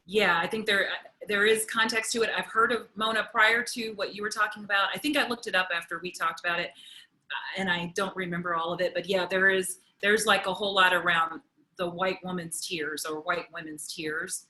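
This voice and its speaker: Bright-voiced woman on a discussion panel. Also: lowish voice, fairly even intonation, normal speed, rough recording. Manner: thinks aloud, acts out quoted voices. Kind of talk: roundtable discussion.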